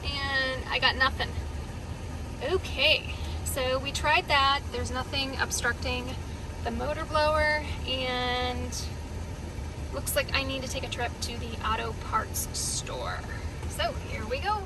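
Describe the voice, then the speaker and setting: High-voiced chatty woman vlogger. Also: steady tone, unhurried, noisy background. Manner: chatty, emotional, talks straight to viewers. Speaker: DIY vlogger. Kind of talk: casual how-to vlog. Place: working in her pickup truck.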